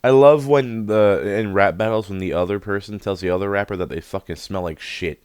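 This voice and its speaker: A man's voice: fairly low pitch, fairly quick, darkish tone, slight background noise. A man hosting a reaction video, exclaiming and swearing freely as he muses aloud in casual commentary.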